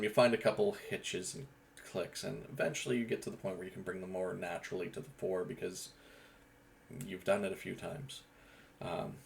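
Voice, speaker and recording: Male gaming host who rambles casually, low and gravelly. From Eastern Canada. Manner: rambling, with frequent restarts and fillers. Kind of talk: casual monologue.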